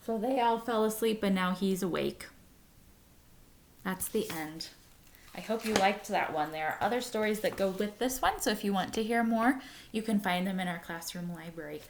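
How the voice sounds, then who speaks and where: A woman's voice: medium pitch, a little hiss or hum. A woman teacher reading a picture book aloud to her class, adding short comments between pages. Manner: slow, expressive storytelling with comments to listeners.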